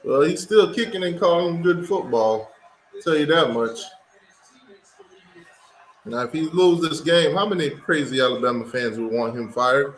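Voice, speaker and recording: A man hosting a watch party, giving casual play-by-play commentary and getting loud and excited on big plays. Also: fairly high pitch, normal speed, pauses often, roomy sound, low-quality recording.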